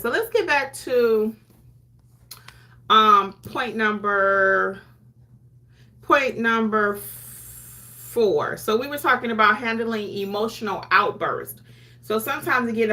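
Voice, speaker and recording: A woman's voice: fairly high pitch, a little slow, sharp tone. A woman notary educator talking casually to camera, chatty and conversational. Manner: chatty, conversational, acts out clients' lines. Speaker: notary educator and YouTube host. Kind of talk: casual teaching talk to camera.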